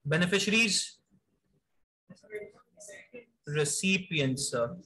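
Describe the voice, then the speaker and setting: High-voiced man quizzing vocabulary. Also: animated, pushed and bright, rough recording. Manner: brisk, mixes Urdu into English, calls students "sir". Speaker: vocabulary teacher. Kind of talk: live online class, quizzing students.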